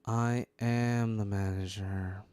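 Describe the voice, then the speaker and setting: A man voicing a bored, deadpan cashier. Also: fairly low pitch, takes it slowly, smooth, no echo. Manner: flat, deadpan, unbothered. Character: adult woman, a bored, self-loathing store cashier. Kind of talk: reading a dating-game script aloud.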